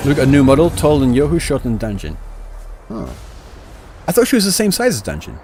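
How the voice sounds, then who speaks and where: A man's voice: medium pitch, wildly swooping pitch, fairly quick, a little mellow, slight background noise. A man streaming a game live, chatting to viewers in a rambling, self-correcting way. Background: game audio and music.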